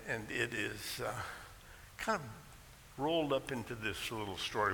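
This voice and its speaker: A pastor preaching a conversational sermon in a church, telling a story with folksy asides. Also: male voice, fairly low pitch, measured pace, pushed and bright. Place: church sanctuary. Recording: echoey hall with faint hiss.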